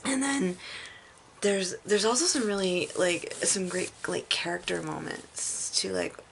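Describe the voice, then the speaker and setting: A woman's voice: on the low side, expressive, unhurried, gravelly, background noise. A woman giving a casual movie review, retelling scenes in a rambling, chatty way full of fillers and laughter.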